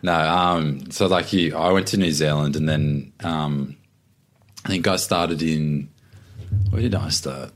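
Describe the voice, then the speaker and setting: Very deep-voiced joking guy. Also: a little slow. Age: 20s. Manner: joking, laid-back. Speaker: podcast guest. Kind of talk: casual chat.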